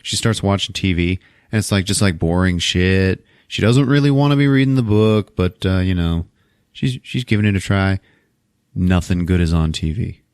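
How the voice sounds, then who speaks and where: A man's voice: low-pitched, moderate pace, clean tone, no room sound, studio quality. A man hosting a podcast, casually retelling a movie plot with lots of swearing. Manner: animated, profane storytelling. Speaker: podcast host.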